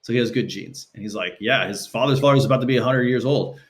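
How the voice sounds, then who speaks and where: A man speaking as a guest on a podcast, telling stories casually and acting out quotes with shifting pitch. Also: fast talker. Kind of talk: casual conversational storytelling. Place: Los Angeles.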